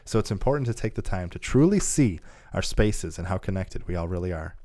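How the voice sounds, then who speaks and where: A man's voice: low voice, lively intonation, brisk, warm tone. A man co-hosting a casual gaming podcast, reading listener mail aloud and laughing often. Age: adult father of a young child. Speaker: podcast co-host.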